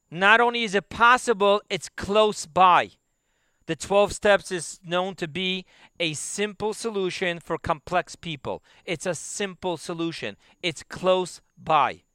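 A man teaching a Torah class, emphatic and repetitive, dropping to quiet asides. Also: high-pitched, clean tone, no echo, studio quality. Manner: emphatic, repeats key phrases, drops to quiet asides.

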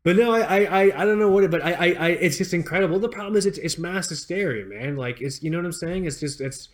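Animated young man, swearing, restarting. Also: high voice, quick pace. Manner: animated, swears freely, rambling with many restarts. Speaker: podcast co-host. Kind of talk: casual chat.

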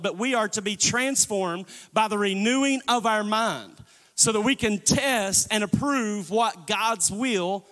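A man serving as pastor preaches a sermon and calls on the congregation to respond, his high voice bright and forceful. It's recorded in a church sanctuary with long reverb.

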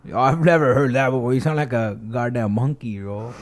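A man's voice: medium pitch, a little fast. A young man with a Toronto accent, a podcast guest chatting casually, brash and full of slang. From Toronto, Canada. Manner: brash, heavy on slang, ends lines with "bro". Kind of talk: casual chat.

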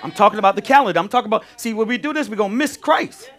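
A male pastor teaching a sermon, animated, repeating key phrases and firing questions at his congregation. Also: high-pitched, racing.

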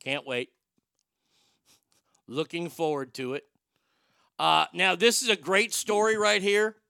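A man hosts a talk show with loose, joking, irreverent banter. His voice is gravelly and bright, with a crisp, clean tone. The sound is dry and close. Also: high-pitched, fairly even intonation, slow, no room sound. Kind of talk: casual comedic banter.

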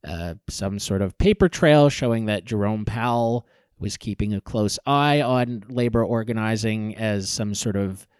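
A man's voice: lowish voice, measured pace, darkish tone, clear, resonant tone, no echo. A man co-hosting a news podcast, giving wry remarks and updates with dry jokes and frequent fillers. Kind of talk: casual political commentary.

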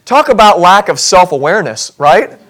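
A male pastor with a high voice delivers a lively sermon in a church. He talks with humor and jumps into quick acted scenes to make his point. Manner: animated, acts out voices in scenarios, self-deprecating humor.

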